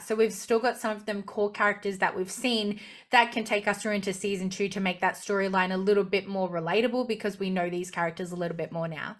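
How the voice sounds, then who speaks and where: A woman's voice: medium pitch, fairly bright tone. A young woman vlogging a casual review of a TV series finale, gushing with enthusiasm as a fan.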